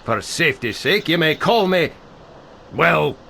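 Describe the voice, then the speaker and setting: Fawning scheming messenger in a game, theatrical, voice jumps all over. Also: male voice, fairly high pitch, a little slow, creaky, a little hiss or hum, heavily acted. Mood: flattering. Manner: theatrical, flattering, wheedling.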